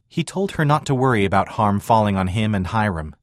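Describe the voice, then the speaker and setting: A man narrating a scripted historical story in an even, measured way. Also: fairly low pitch, no echo, clean studio sound.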